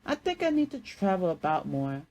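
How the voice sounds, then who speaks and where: A woman voicing a loud, stubborn grown woman who whines playfully to her mother, in a higher, sing-song voice. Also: sing-song, normal speed, low-quality recording. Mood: playful pouty.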